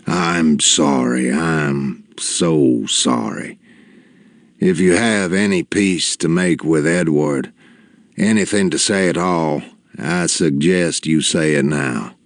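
A man voicing a very old, weary and gentle male family doctor with a raspy voice, speaking slowly and heavily. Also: extremely low pitch, dry recording, studio quality, exaggerated voice. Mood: sorrowful. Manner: slow, heavy, sorrowful delivery.

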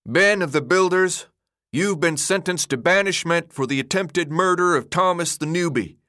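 A man doing a loud, ceremonious young leader. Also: fairly high pitch, expressive, brisk, no echo, studio quality, pitched above the performer's own voice. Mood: commanding. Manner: loud, ceremonious, roaring orders. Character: stern teenage leader, commanding.

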